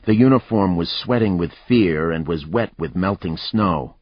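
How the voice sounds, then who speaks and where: A man narrating a thriller audiobook in a measured, even storytelling manner. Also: low-pitched. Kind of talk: scripted narration. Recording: dry, slightly muffled recording.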